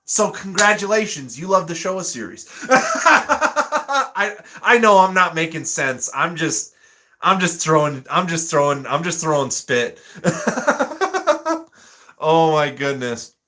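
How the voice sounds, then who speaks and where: A man hosts a relaxed live stream, reading viewer comments aloud and laughing often as he chats casually. His voice is high and bright, and he speaks at an easy, unhurried pace.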